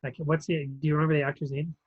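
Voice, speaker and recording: A man's voice: fairly high pitch, little pitch movement, very fast, husky, dry recording. Male podcast co-host, casual rambling film talk, dry slightly muffled home recording. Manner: rambling, many ums and restarts. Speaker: podcast co-host reviewing films. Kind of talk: casual chat.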